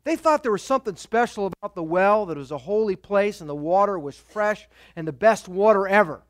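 A male pastor preaching a sermon in an animated way, acting out the voices of the people he quotes. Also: high-pitched, brisk, dry recording, studio quality.

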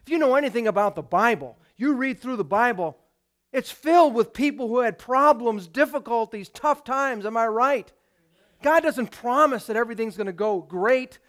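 Pastor, male, fairly high voice, emphatic sermon delivery with rhetorical questions to the congregation. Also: expressive, normal speed, fairly bright tone.

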